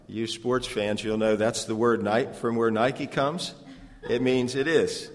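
A man's voice: mid-range voice, fairly even intonation, a little slow. A man preaching an expository sermon, earnestly asking the congregation rhetorical questions. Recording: long hall reverb.

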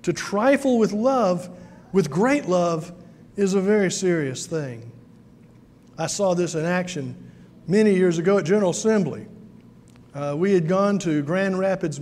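A man's voice: high-pitched, moderate pace, darkish tone, big-room sound. A man from South Carolina, preaching a sermon in a folksy storytelling way with many fillers. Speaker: pastor.

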